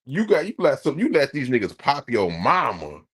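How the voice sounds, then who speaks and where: A man streaming, ranting casually to his live chat in an animated, profane way. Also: medium pitch, moderate pace, breathy edge, no echo, studio quality.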